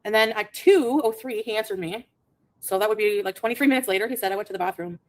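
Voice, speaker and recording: A woman rattles through a story at high speed, exasperated and reading out a string of text messages. Her voice sits mid-range and her delivery is casual. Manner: rapid, exasperated, reads messages aloud. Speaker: vlogger.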